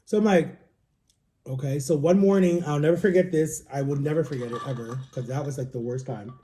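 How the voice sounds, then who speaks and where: A man's voice: a little high, a little fast, mellow, slight background noise. A young man telling a personal story in a casual, rambling way, filling his talk with "like" and acting out what others said. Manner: rambling, frequent "like", quotes others in dialogue. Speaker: vlogger. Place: home.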